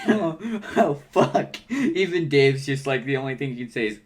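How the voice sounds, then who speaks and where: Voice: medium pitch, huge pitch swings, unhurried. A co-host reading a webcomic aloud, reacting with laughs and swears. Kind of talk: casual read-along chat.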